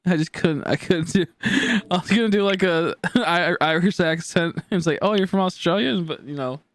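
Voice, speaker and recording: A man's voice: a little high, normal speed, fairly bright tone. A man in his twenties chatting casually on a game live stream, rambling and joking as he answers chat aloud. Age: 20s.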